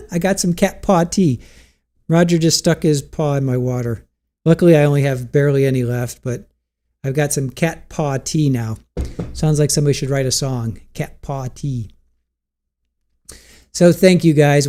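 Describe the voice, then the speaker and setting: A man's voice: mid-range voice, mellow. A man hosting a livestream from home, chatting casually, reading out viewer comments and laughing often. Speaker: livestream host. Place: home room with cats.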